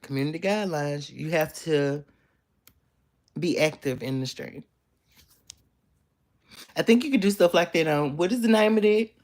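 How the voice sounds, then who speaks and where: Lying in bed in her bedroom, a young woman chats playfully with viewers on a casual live stream, reading their comments in a sassy, teasing way. Her voice is deep and a little mellow, at normal speed with frequent pauses.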